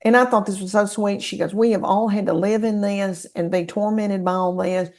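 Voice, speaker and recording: A woman's voice: mid-range voice, normal speed. A woman with a Southern American accent, a comedian telling folksy stories in a casual podcast chat. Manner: folksy, animated storyteller. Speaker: guest comedian.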